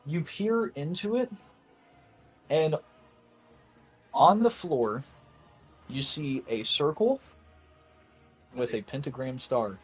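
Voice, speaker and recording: Young male game master, casual and halting. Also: a little high, expressive, slightly rough, soft background music. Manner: casual, hesitant narration with many fillers. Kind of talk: narrating a tabletop game.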